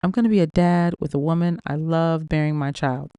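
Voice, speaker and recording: A smooth-talking, manipulative rich man who coaxes and pushes, read by a woman. The voice is warm and mellow and sounds clear and resonant, recorded close and dry with no room sound. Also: deep voice, steady tone, fairly quick, no echo, close to an everyday voice. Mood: delighted. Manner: coaxing, pushy.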